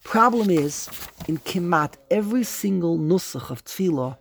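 Rabbi guy giving a class, gravelly voice, kinda high, chants the verses slow, dry sound. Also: slight background noise. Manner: emphatic, chants quoted scripture slowly; animated questioning delivery. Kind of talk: religious study lecture.

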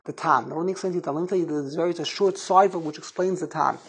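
Husky man giving a rambling Torah class. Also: a little high, very fast, rough recording. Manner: rambling, animated storytelling with Hebrew and Yiddish terms. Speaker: rabbi teaching Torah.

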